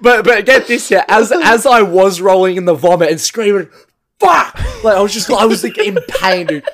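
A young man with a fairly high voice tells a chaotic party story among friends. He rambles and swears freely. He speaks in a casual, animated chat tone. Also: brisk, a crowd in the background. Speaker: podcast co-host telling a story.

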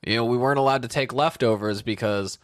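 A man's voice: medium pitch, quick pace, no room sound, clean studio sound. A man telling rambling, self-deprecating stories in a casual chat, as a podcast co-host.

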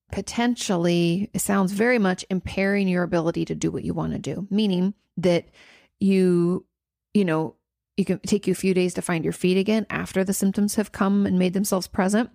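A woman's voice: lowish voice, steady tone, normal speed, gravelly, a little mellow, dry recording, clean studio sound. A woman therapist hosting a podcast, answering a listener's question in casual, rambling talk with emphatic repetitions and restarts.

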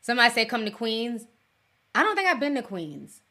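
A woman's voice: fairly high pitch, very animated, a little fast, sharp tone. A middle-aged woman hosting a casual livestream, chatting with viewers in a slangy way and laughing often. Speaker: livestream host. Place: home in Minnesota.

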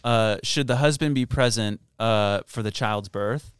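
Deadpan teasing man, dry mic. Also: fairly low pitch, measured pace, clean tone, no echo. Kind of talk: casual podcast chat.

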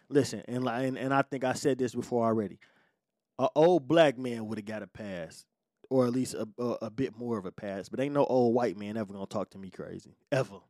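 A man hosts his own podcast and tells a story heavy with swearing. His mid-range voice swings from calm talk to heated shouting. He is close on a dry mic in a small room. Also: medium pitch, dry recording. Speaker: podcast host. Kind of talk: solo podcast monologue.

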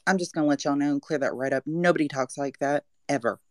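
A woman's voice: low voice, quick pace, dry recording. A woman with a Southern US accent on a live audio chat, counting off her reality-show opinions point by point in an emphatic way. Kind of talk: casual reality-show reaction.

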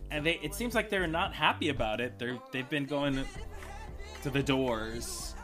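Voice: mid-range voice, measured pace, a bit bright, soft background music. A co-host in a casual reaction chat, animatedly describing what happens on screen, breaking into little acted asides. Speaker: co-host reacting to a music video.

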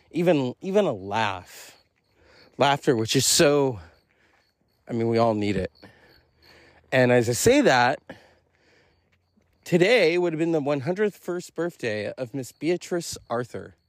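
A man's voice: medium pitch, expressive, measured pace, long pauses, no echo, studio quality. A man hosting a solo podcast, rambling through a casual monologue with self-amused, profane asides. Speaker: podcast host.

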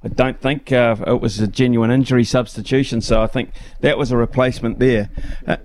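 A man's voice: medium pitch, fairly even intonation, fairly quick, a little mellow. A man with a New Zealand accent hosting a talkback radio show, speaking conversationally with lots of ums and restarts.

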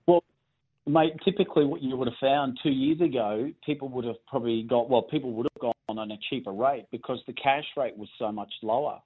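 A man's voice: medium pitch, fairly quick, breathy edge. A man from Scotland with an Australian accent, a mortgage broker being interviewed on radio, matey and self-deprecating. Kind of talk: casual radio phone interview. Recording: tinny phone line.

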